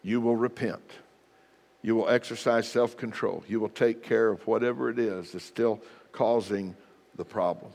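A man's voice: fairly low pitch, steady tone, moderate pace, creaky, a little mellow, long reverb tail. A middle-aged man, a pastor, preaching a sermon in an earnest, plain-spoken way with repeated exhortations.

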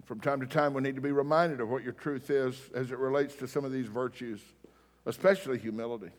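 In a church sanctuary with long hall reverb, a man preaches as pastor at a fairly quick pace. His voice is medium in pitch with fairly even intonation, and he tells stories in a conversational, self-deprecating way.

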